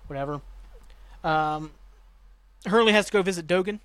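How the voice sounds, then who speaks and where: A man hosting a podcast, casually recapping a TV episode in a rambling way, swearing and jumping into quick voices for the characters. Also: high voice, fairly bright tone, clear, resonant tone, dry recording. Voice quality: rambling, swears, acts out lines with quick voice jumps. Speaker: podcast host.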